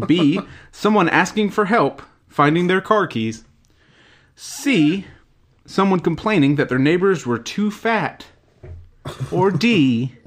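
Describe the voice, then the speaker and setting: A man hosting a casual podcast quiz, reading out headlines and laughing at his own slips. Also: a little high. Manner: giggly, self-interrupting, laughs at own jokes. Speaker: podcast host.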